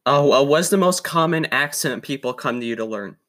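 A man's voice: medium pitch, lively intonation, a little fast, fairly bright tone. A man hosting a podcast, asking interview questions with hesitant, stumbling restarts. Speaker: podcast host.

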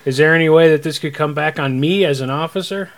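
A man's voice: a little high, fast talker. A man co-hosting a podcast in casual chat, teasing and sarcastic as he chimes in. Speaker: podcast co-host.

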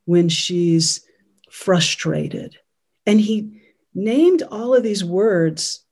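A woman's voice: fairly low pitch, creaky, darkish tone. Earnest woman parenting consultant. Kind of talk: conversational interview.

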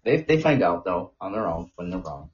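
A man's voice: sits low, big pitch swings, moderate pace. A man co-hosting a casual podcast, chiming in with easygoing, blunt agreement and short remarks. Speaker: podcast co-host. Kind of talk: casual chat. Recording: dull lo-fi sound.

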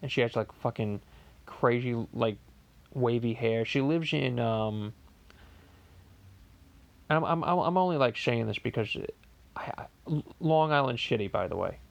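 A man playing Stewie as a foul-mouthed podcast host who rants in a gravelly voice. His speech is rambling and full of stammered restarts. His pitch sits in an ordinary male middle range. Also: measured pace, pauses often, lo-fi sound. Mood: ranting. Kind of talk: comedic podcast monologue.

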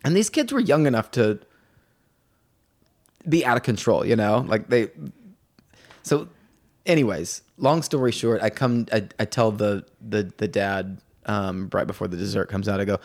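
A young man hosting a casual podcast chat at home, telling animated stories and laughing often. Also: lowish voice, a little slow, pauses often. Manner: animated storyteller, mimics voices, laughs often. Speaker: podcast host.

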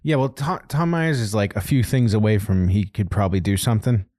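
A man's voice: on the low side, a little fast, darkish tone, dry recording. A man co-hosting a casual podcast, agreeable and dry-humored. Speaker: podcast co-host.

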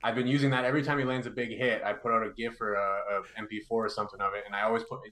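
A man co-hosting a casual sports livestream, talking in an analytical, measured way with many fillers. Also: lowish voice, steady tone, sharp tone. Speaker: co-host. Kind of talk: casual hockey livestream chat. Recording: roomy, echoey room.

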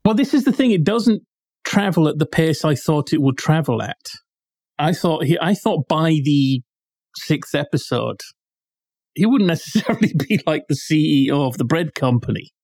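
A man's voice: a little high, expressive, moderate pace, a little mellow, dry recording. A man co-hosting a podcast in casual chat, explaining things in detail and picky about what words mean. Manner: explanatory, pedantic about word meanings. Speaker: podcast co-host.

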